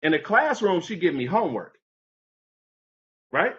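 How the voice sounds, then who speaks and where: A man telling a personal story as an interview guest, animated and conversational, acting out the people in it. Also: high voice, a little slow, highs cut off.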